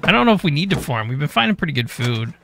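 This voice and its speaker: A man hosting a game live stream, greeting chat by name in a relaxed, easygoing way. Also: fairly high pitch, fast, creaky, slight background noise. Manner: reads chat names in a relaxed drawl.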